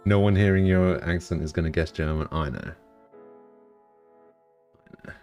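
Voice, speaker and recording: A British man streaming live, chatting casually with dry, deadpan humor and some swearing as he answers chat. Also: low voice, normal speed, faint music behind.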